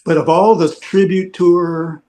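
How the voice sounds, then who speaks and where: A man's voice: fairly high pitch, steady tone, unhurried, mellow. A man telling a long road story in casual podcast chat, rambling with lots of filler phrases. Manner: rambling anecdotal, heavy "you know" fillers. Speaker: veteran rock roadie guest.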